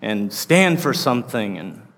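A man's voice: on the low side, sing-song, unhurried, fairly bright tone. A man in his thirties, an associate pastor, preaching a sermon in a casual, rambling way full of fillers. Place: church sanctuary. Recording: long reverb of a large hall.

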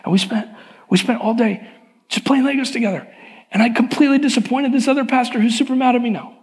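A man's voice: extremely high pitch, fast talker. A middle-aged male pastor giving a sermon, telling personal stories in a candid, confessional way. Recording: long hall reverb.

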